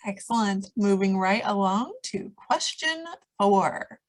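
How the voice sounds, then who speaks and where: Woman, quiz moderator, brisk, upbeat, video call. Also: mid-range voice, expressive. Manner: brisk, upbeat, reads quiz questions aloud. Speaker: trivia event moderator.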